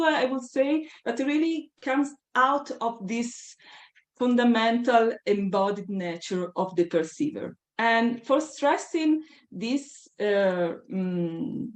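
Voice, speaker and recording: Woman giving a slow thoughtful academic talk, higher voice, kinda echoey room. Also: darkish tone. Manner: thoughtful, deliberate, emphatic on key ideas. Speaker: lecturer. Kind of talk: academic lecture. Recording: roomy echo.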